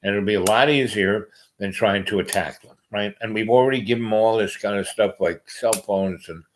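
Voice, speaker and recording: A man's voice: on the low side, moderate pace, slight background noise, low-quality recording. A man hosting a podcast, talking in a meandering casual monologue with many fillers and restarts. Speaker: podcast host.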